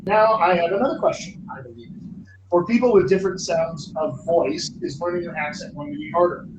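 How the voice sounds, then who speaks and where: A fairly high-voiced man hosts a live question-and-answer stream as a dialect coach. He is upbeat and jokey and keeps cheering his viewers on. His voice rings in a roomy space with steady noise behind it. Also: a little fast, lo-fi sound. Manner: upbeat, joking, encouraging. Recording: echoey room with background noise.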